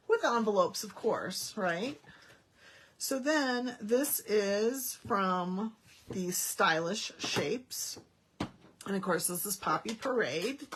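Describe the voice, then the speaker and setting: Speaking slowly with a breathy edge in her mid-range voice, a woman demonstrates card-making for Stampin' Up. Her demo is casual, chatty and folksy, and she thinks aloud as she goes.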